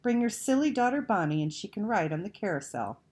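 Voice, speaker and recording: A woman's voice: medium pitch, sing-song, a little fast, a little mellow, pitched above the performer's own voice, natural voice. A woman voicing a kind, sensible ten-year-old girl in a storybook reading, patient and coaxing. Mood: playful pretend. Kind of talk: read-aloud storybook acting.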